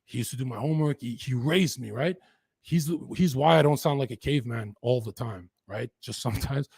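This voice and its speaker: A man from western Canada, a podcast guest, telling his story in an intense, profane, rapid-fire way. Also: medium pitch, creaky, a little mellow, breathy edge. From Lower Mainland, Canada. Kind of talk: candid storytelling in an interview.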